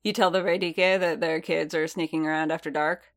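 A gruff, suspicious warlord who asks short, blunt questions, as a woman reads him out. The voice is low and gravelly with fry. It is storybook reading in an everyday voice. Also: fairly even intonation, a little fast.

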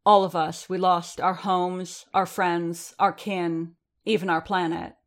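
A woman reading the part of a commanding female warrior leader who addresses a gathered crowd in firm, slow, declaiming speech. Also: fairly low pitch, flat delivery. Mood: rallying. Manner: firm, declaiming, slowed for emphasis. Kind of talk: audiobook reading.

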